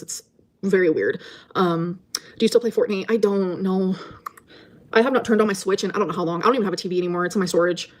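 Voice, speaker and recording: A woman's voice: mid-range voice, darkish tone. A woman vlogger chatting casually to her viewers, rambling and chatty, with many fillers.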